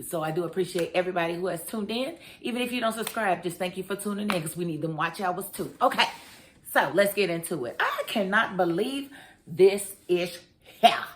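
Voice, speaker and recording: A woman's voice: on the low side, slight background noise. A woman reviewing a TV drama episode in a chatty, slangy recap, talking straight to her viewers. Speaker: TV review vlogger. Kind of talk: casual recap chat.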